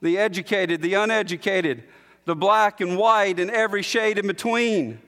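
A man preaching a sermon as pastor, emphatic, slowing down to stress repeated lines. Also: sits high, pushed and bright, in a large hall. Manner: emphatic preaching with slow, drawn-out repetitions.

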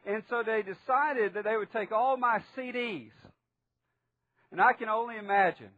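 Guy preaching a sermon, kinda high voice, dry dull lo-fi sound, earnest, acts out quotes. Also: moderate pace, no room sound. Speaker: pastor.

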